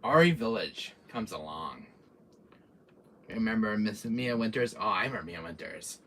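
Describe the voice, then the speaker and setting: A man hosting a gaming channel, chatting casually about horror games, who swears freely and acts out scenes in little voices and hushed whispers. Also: lowish voice, sing-song, normal speed, distant mic, a little hiss or hum.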